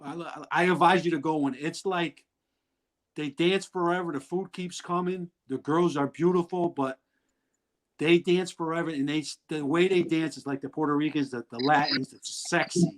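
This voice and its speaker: A man's voice: a little high, steady tone, normal speed, low-quality recording. Blunt, rambling middle-aged man. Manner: rambling, blunt, laughs through his stories. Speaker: guest. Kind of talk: candid storytelling in an interview.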